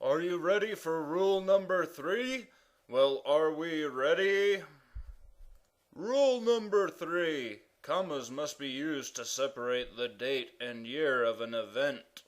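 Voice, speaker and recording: A man voicing a pompous, loud male king who proclaims grammar rules in an animated cartoon. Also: takes it slowly. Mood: commanding. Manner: booming proclamations.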